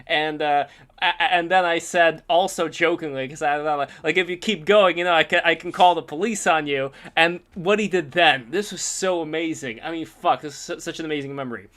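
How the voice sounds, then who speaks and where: Guy on a livestream telling a wild story, kinda high voice, swears a lot. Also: brisk. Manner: animated storyteller, swears freely. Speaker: artist streamer. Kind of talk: casual chat.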